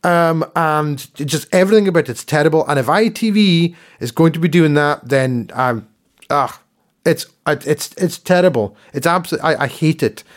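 Male podcast co-host, higher register, casual ranting chat. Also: normal speed. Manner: ranting, repeats words when worked up.

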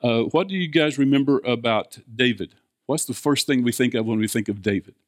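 A man's voice: medium pitch, brisk, no room sound. Older man, folksy sermon, chatty, questions to the congregation, dry sound. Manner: chatty, asks the congregation questions, chuckles often. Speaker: preacher.

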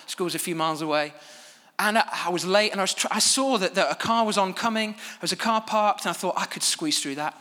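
A man preaching from a church stage with a high, bright voice that carries. He tells stories at his own expense in a lively, animated way, and a long reverb from the hall trails behind his words. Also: fast talker. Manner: animated, self-deprecating storytelling. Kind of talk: sermon.

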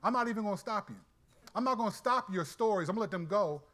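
Brief: God as a laid-back, casual male deity, put on by a male preacher; light, high, bright tone. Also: expressive, fast. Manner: casual, breezy, colloquial.

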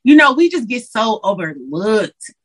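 A woman from Detroit, a Christian hip hop artist, chatting as a guest in an interview, lively and slangy, acting out what her friends say. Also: fairly high pitch, measured pace, breathy edge, rough recording. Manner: animated, slangy, acts out quotes of friends. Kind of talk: casual interview chat.

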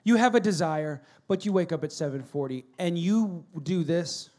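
A pastor giving a sermon in a church, swinging between loud shouted storytelling and quiet, earnest asides. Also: male voice, fairly high pitch, normal speed.

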